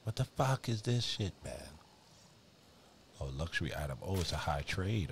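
A young male streamer talks through his game live, cursing freely and often sinking into a hushed whisper. His voice is extremely deep with a gravelly fry. His pitch swings widely between low mutters and sudden outbursts. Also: sing-song, normal speed, slight background noise. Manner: profane, often drops to a whisper. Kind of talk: live gameplay commentary.

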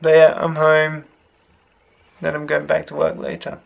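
A man co-hosting a casual home vlog, relaxed and teasing, on a dull lo-fi recording with background noise. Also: fairly high pitch, unhurried, gravelly. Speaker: co-host vlogger.

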